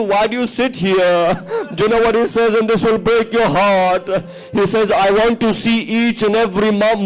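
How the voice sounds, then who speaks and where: High-pitched guy preaching a mourning majlis, intense and emotional. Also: low-quality recording. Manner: impassioned, rising to emotional cries. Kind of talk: sermon. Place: mosque community centre.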